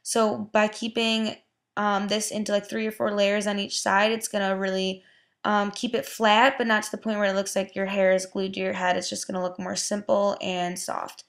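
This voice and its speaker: Chatty young woman with vocal fry. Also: mid-range voice, level tone, normal speed. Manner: chatty, lots of "like" and "um". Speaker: beauty vlogger. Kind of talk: casual hair tutorial.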